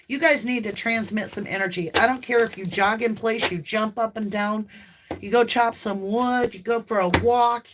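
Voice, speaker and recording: A woman with a light Southern US accent, hosting a live tarot stream in casual chat, talkative and laughing often, breaking into loud whoops. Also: medium pitch, noisy background. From American South.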